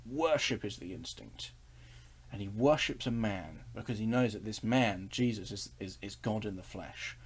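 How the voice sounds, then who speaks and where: A man's voice: lowish voice, normal speed, husky. A man leading a casual online Bible study, earnest and enthusiastic, chuckling and restarting as he talks.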